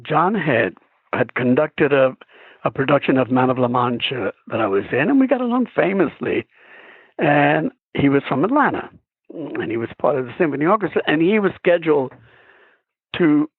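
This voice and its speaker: A man, a stage and screen actor, telling stories as a guest in a phone interview, chuckling often and animated. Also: mid-range voice, husky, no echo. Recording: tinny phone line.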